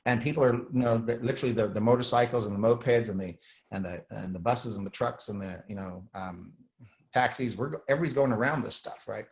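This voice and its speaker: A middle-aged man hosting a show, talking in a rambling casual monologue with frequent throat clearing and restarts. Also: on the low side, fast talker, a little mellow, rough recording. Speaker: host.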